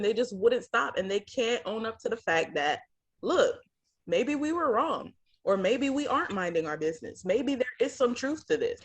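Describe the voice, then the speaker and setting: A woman with a slightly high, husky voice, co-hosting a casual reaction show. She talks in an outspoken, opinionated way and drops plenty of slang. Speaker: co-host of a reality TV reaction show. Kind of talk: casual chat reacting to a TV episode.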